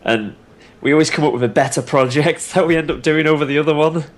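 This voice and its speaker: A man's voice: on the high side, fairly even intonation, fast talker. A man guesting on a podcast in casual chat, enthusiastic and laughing while he talks.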